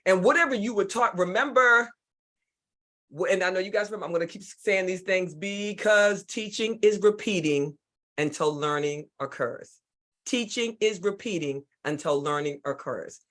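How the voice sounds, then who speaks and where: Woman, Southern US drawl, leadership speaker, animated and playful, video call mic. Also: medium pitch, moderate pace. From United States. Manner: animated, folksy, playful, repeats herself. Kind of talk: lively online workshop talk. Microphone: computer mic on a video call.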